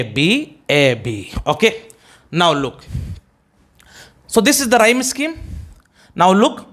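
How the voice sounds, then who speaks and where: A male English teacher with an Indian accent lecturing on a poem, often checking with "okay?" and spelling terms out letter by letter, with halting restarts. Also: a little high, a bit bright. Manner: hesitant restarts with many "uh"s.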